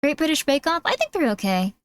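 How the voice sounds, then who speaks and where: A woman's voice: sits high, sing-song, quick pace. A woman streamer chatting casually and rambling with self-deprecating jokes while reacting to videos.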